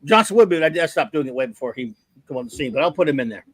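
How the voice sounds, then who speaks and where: A man's voice: on the high side, expressive, very fast, fairly bright tone, husky. A man joining a podcast in casual chat, wry and fond of mocking nicknames. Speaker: podcast guest.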